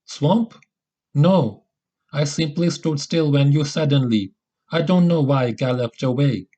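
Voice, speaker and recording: A man voicing a calm adult male traveling companion in an audiobook, speaking a little higher than his narration. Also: measured pace. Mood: puzzled.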